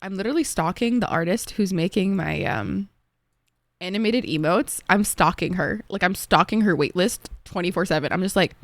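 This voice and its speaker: A young woman with an Egyptian accent chats with her stream audience, lively and quick to laugh, her voice sitting in a middle pitch. The sound is close and dry, with no room around it. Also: no echo. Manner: chatty, animated, laughs easily, bursts into song. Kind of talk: casual chat with viewers.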